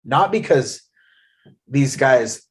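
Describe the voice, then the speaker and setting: A man's voice: mid-range voice, expressive, very slow. Blunt, swearing man in casual talk. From Eastern Oregon. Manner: blunt, heavy swearing, storytelling. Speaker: podcast host. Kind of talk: casual interview chat.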